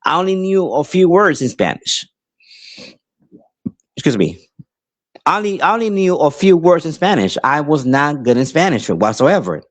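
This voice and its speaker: Man, podcast host, casual monologue, rambling, restarts, animated outbursts. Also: fairly high pitch, moderate pace, pauses often. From Puerto Rico, raised in New York. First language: English.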